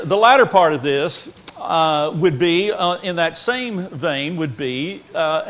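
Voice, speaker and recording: High-voiced man teaching the Bible. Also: a bit bright. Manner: earnest, emphatic, repeats key phrases. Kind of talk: Bible lesson.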